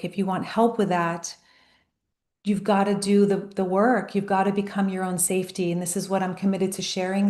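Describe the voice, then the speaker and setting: A woman life coach speaks in an emphatic, storytelling way, stretching out her key phrases. Her pitch sits in the middle, and the room around her rings with echo. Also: darkish tone. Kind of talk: motivational talk to camera.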